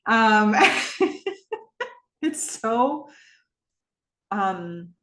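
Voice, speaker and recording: A woman hosting a podcast, casually recapping a TV episode and acting out the characters' lines with quick laughs. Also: medium pitch, animated, a bit bright. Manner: chatty, laughs often, jumps into character voices. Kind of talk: casual recap with acted-out quotes. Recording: echoey room.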